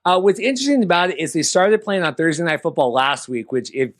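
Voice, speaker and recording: A man hosting a podcast, chatting casually, excitable and rambling with lots of restarts. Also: on the high side, fast talker. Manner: excitable, rambling, repeats himself. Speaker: podcast host.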